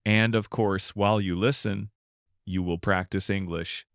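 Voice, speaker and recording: A man co-hosting an English-learning podcast, calmly explaining simple words in a scripted dialogue. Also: lowish voice, measured pace, no room sound, clean studio sound. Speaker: podcast co-host.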